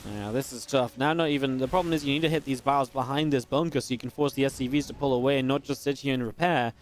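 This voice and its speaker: A man giving live play-by-play commentary on a strategy game match, quick and excitable, with restarts and filler words. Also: mid-range voice, a little hiss or hum. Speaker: esports caster.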